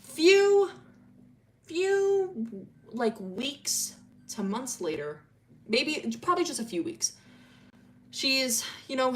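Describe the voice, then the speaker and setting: Woman streamer rambling thru a story, swears a lot, lots of like and um, faint music behind. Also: fairly high pitch. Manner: rambling, profane, slangy retelling with many fillers. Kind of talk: casual lore storytelling on stream.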